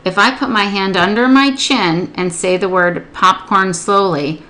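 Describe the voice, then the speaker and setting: A woman teaching early literacy, explaining a workbook lesson step by step and slowing down to sound out words and syllables. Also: mid-range voice, sharp tone. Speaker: literacy tutor. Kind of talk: instructional demonstration.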